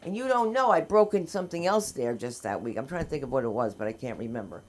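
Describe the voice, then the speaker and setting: Deep-voiced lady hosting an open mic, hypes the crowd, chatty. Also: sing-song, fast, a little mellow. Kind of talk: hosting a comedy show. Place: comedy club stage.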